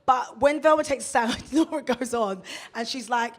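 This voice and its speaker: A young British woman with a fairly high voice chats about her stage work in a relaxed live interview. She is bubbly and excitable, full of quick asides and bursts of laughter. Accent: British English. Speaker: cast member, stage actress. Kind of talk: casual live interview chat.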